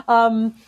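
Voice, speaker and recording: A woman psychologist answering interview questions about parenting, animated and acting out the voices of parents and kids. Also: on the high side, lo-fi sound. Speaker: child psychologist guest.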